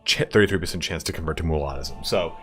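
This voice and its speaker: A man streaming a strategy game, chatty and relaxed, often saying "dude". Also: very deep voice, fast, soft background music. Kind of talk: casual gaming commentary.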